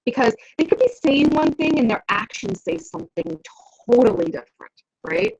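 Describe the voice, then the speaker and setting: A woman's voice: sits high, sing-song, moderate pace, a little mellow, husky. A woman business coach giving an instructional talk to camera, conversational and keeps checking in with the listener. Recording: dull lo-fi recording.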